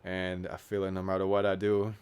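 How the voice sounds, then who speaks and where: A young YouTuber rambles casually to the camera in a vlog monologue, poking fun at himself and his goals. His voice is deep, monotone, and a little mellow, with a brisk, smooth delivery.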